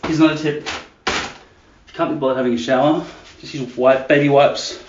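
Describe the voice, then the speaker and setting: This man talks in a loose, crude, joking ramble and often drops his voice low. His mid-pitched voice sounds a little dull, with a roomy echo from the hard walls around him. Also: fairly even intonation, normal speed, a little hiss or hum. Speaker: vlogger. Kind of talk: casual rambling vlog. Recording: echoey dull room sound.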